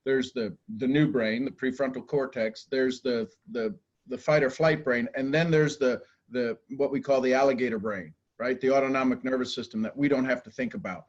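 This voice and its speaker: A man giving a live talk to a group, animated and casual, acting out quoted voices and swearing now and then. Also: medium pitch, normal speed, dull audio. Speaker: motivational speaker.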